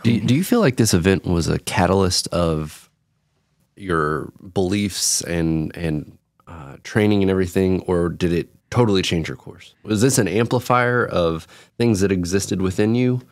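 A man with a very deep voice hosts a podcast interview. His voice sounds dry and close to the mic. He asks thoughtful, searching questions and gives the guest room to answer. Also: normal speed, no room sound. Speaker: podcast host.

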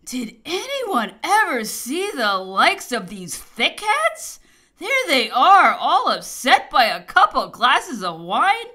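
A woman's voice: on the high side, lively intonation, moderate pace, pushed and bright, smooth. A woman reading aloud and voicing an imperious middle-aged male emperor, speaking in a scornful, commanding way.

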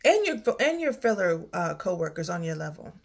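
A woman's voice: on the low side, sing-song, fairly quick, creaky, a little mellow, slightly rough. A woman talking candidly in a personal vlog, sighing often as she drifts from work troubles to faith. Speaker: vlogger. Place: outdoors near her home, rain starting.

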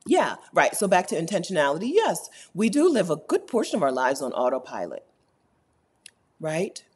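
A woman hosting a casual live stream, reading chat comments aloud, animated and laughing often, repeating her points for emphasis. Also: low voice, slightly rough. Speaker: YouTube host answering live chat.

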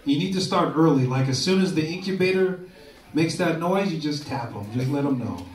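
A man's voice: a little high, expressive, brisk. A man doing a loose, crude stand-up comedy set, often tagging lines with "dude". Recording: echoey room from far off, crowd laughter.

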